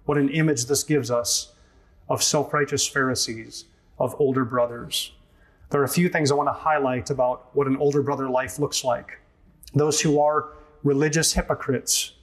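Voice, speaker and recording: A man's voice: medium pitch, fairly even intonation, moderate pace. Earnest, emphatic male preacher. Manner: earnest, emphatic, repeats key phrases. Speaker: pastor. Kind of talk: expository sermon.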